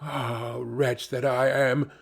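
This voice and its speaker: A man's voice: fairly high pitch, sing-song, slow pace, gravelly, a little mellow, breathy edge, pitched above the performer's own voice, heavily acted. A man voicing a haughty, scornful princess. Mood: lamenting.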